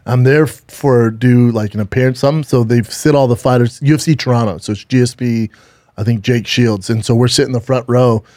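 A podcast co-host, a man with a mid-range voice and fairly even intonation, tells a rambling, profane story in casual chat. He speaks fairly quickly in a slightly mellow tone, recorded at studio quality with no room sound.

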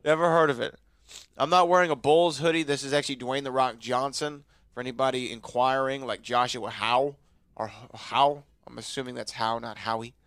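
A man's voice: mid-range voice, steady tone, moderate pace, fairly bright tone, dry recording. A man hosting a podcast in casual chat, sounding nasal from allergies and playfully teasing his co-host. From Houston, Texas. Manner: playful, teasing, trails off into mumbles.

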